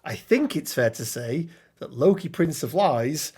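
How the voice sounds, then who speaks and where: With a somewhat high, husky, slightly mellow voice and lively intonation, this male podcast co-host chats about a tabletop miniatures game. He rambles conversationally, saying um and restarting often, and reads out rules text along the way.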